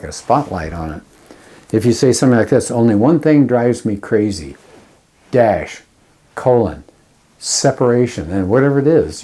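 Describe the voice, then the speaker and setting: Husky-voiced man teaching an English class. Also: mid-range voice, mellow. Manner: conversational, explains step by step with example sentences. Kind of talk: classroom lecture.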